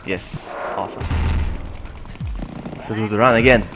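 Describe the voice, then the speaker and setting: A man streaming a game with live commentary, excitable, swinging from quiet mutters to loud yelps. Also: fairly low pitch, a little slow, music in the background.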